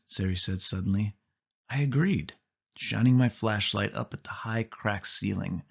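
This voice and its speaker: A man reading a children's storybook aloud in steady first-person narration. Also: on the low side, moderate pace, gravelly. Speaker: audiobook reader. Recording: dull lo-fi audio.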